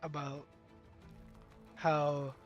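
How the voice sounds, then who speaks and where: A young man tells a story from his job site in a loose, rambling way, full of fillers and false starts. His voice sits a little high for a man. Faint music plays underneath. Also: level tone, drawn-out words, dull audio. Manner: rambling, lots of fillers and restarts; bilingual, speaks Spanish at work. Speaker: vlogger. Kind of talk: casual storytelling.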